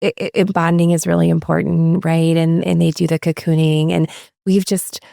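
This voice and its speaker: A woman in her thirties, a guest in a casual interview, talking warmly and effusively and often repeating her words. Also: low voice, little pitch movement, moderate pace, creaky, no room sound, clean studio sound. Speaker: guest, adoptive mother. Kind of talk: casual interview over video call.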